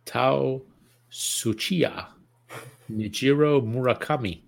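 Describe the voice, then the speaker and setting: A man's voice: medium pitch, slow pace, vocal fry. A man co-hosting a podcast, joking and bantering in casual chat. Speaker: podcast co-host.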